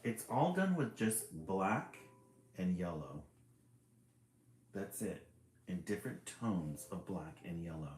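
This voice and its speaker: A man with a low, darkish voice and big pitch swings reads slowly, often pausing. He's doing a live-stream reading of a children's book, chuckling frequently and talking about the pictures, recorded in an echoey space with faint ambience.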